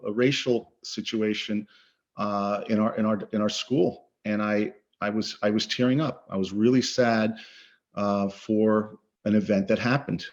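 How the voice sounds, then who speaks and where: Earnest, emphatic man on a video call. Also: mid-range voice. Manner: earnest, emphatic, repeats words for stress. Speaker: coach and guest speaker. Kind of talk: interview conversation. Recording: slightly dull lo-fi audio.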